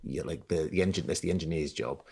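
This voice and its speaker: A man's voice: rumbling low, quick pace, creaky, crowd noise. A man, a guest voice actor chatting emphatically on a podcast. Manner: emphatic, animated storytelling with quoted asides. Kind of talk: casual podcast chat.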